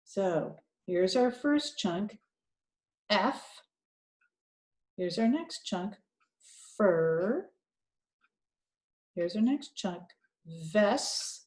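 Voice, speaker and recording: A woman leads a kids' reading lesson, thinking out loud in a slow, encouraging way. Her voice is mid-range, expressive, mellow and soft at the edges, and the room adds a bit of echo.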